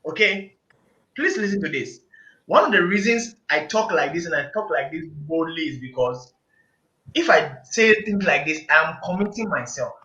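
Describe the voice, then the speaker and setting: A man with a high, bright voice that rings out, preaching his points with insistent repetition. He is recorded in an echoey room, and the sound is dull and lo-fi. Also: expressive, moderate pace. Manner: emphatic, preachy, repeats phrases for emphasis. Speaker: panel guest. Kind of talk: casual group discussion.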